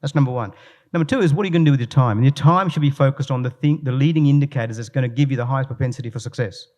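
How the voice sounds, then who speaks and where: A man's voice: mid-range voice, very fast. Aussie guy talking to a crowd, storytelling, keeps restarting his sentences. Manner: animated storyteller, frequent restarts. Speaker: guest speaker, leadership coach. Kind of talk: live talk with anecdotes. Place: room with a live audience.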